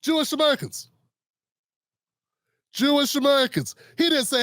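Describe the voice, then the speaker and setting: A man's voice: high-pitched, big pitch swings, moderate pace, fairly bright tone, no room sound, clean studio sound. A man hosting his own show, ranting in a heated, mocking political commentary. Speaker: host.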